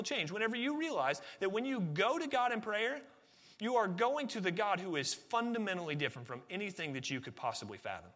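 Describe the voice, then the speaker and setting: Pastor, male, earnest sermon delivery, bright ringing tone, pitched a bit high, builds emphasis then settles low. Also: sing-song, brisk, long reverb tail. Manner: earnest preaching, rising emphasis then dropping to quiet.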